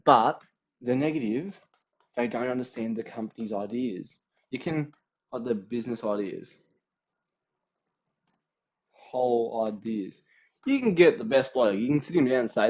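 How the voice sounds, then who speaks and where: Chatty aussie teen guy going over exam stuff, mid pitch, kinda muffled lo-fi sound. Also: expressive, moderate pace, long pauses, a little mellow. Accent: Australian. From Australia. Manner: slangy, chatty, acts out little quoted voices. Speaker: student giving exam revision tips. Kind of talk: casual exam revision rundown.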